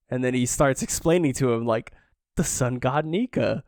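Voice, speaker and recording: A man's voice: medium pitch, moderate pace, no echo. Male podcast co-host, emotional and sighing, dry close sound. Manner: emotional, sighing, reads dialogue quietly. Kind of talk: casual chat, reading manga panels aloud.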